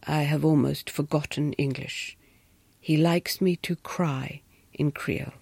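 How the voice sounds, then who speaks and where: A proud, bitter wife with a Caribbean accent, as a woman reader puts her on, speaking low and slow in a hushed, measured voice. Her tone sits deep and soft, recorded dry and close. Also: fairly even intonation, creaky, breathy edge, no room sound, heavily acted. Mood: weary.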